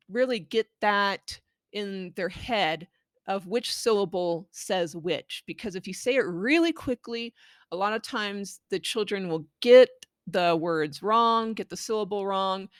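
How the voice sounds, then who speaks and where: A woman educator giving clear, patient instructions on how to read a picture book aloud to a child. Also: mid-range voice, takes it slowly, no room sound, studio quality. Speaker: Spanish language educator. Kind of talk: instructional talk on reading aloud.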